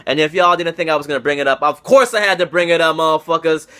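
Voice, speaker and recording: Speaking quickly in a voice on the high side, a young man hosts a laid-back recap of his fantasy football league. He swears, gets excited, teases his buddies, and repeats phrases for emphasis, all while talking to camera indoors.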